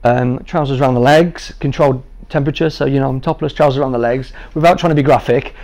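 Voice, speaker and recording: A man's voice: medium pitch, steady tone, fast talker, a little mellow. A man in his thirties telling a personal story to a training group, jovial and self-deprecating, making light of hard things. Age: 30s. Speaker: guest speaker sharing his patient story.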